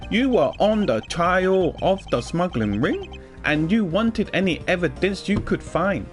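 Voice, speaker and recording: Man playing a cocky agent, put-on accent mixing Chinese and Vietnamese, voice sits high, deliberate delivery. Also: expressive, soft background music. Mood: serious. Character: brash adult male foreign agent.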